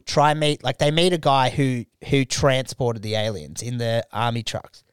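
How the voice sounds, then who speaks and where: A man rambles through a story on a podcast, swearing freely and slipping into voices for the people in it. His voice is smooth and clear, and the sound is dry and close. It is a casual chat between friends. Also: mid-range voice, moderate pace, no echo. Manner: rambling storyteller, swears a lot, acts out quotes. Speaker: podcast host.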